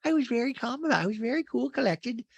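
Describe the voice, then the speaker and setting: A man doing an impression of a defensive, theatrical middle-aged woman, high and insistent. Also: animated, fast, creaky, slightly rough, highs cut off, exaggerated voice. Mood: indignant. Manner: high, insistent, self-justifying.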